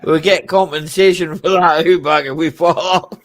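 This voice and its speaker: A man's voice: on the high side, a little hiss or hum. A man hosting a casual live chat, teasing his guests and laughing often. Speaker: livestream host.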